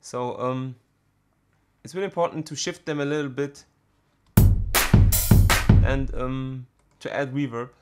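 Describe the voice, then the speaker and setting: A man teaching a music production tutorial, talking in a halting way with many fillers and restarts. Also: medium pitch, fairly even intonation. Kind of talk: screen-recorded software tutorial.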